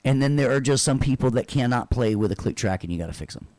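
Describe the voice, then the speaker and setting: A man's voice: medium pitch, lively intonation, fast, a little mellow, no room sound. Dry-voiced man teaching a casual class. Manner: checks in with frequent "right?" tag questions; loose and joking, with sarcastic asides. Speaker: instructor. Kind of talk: casual online class lecture.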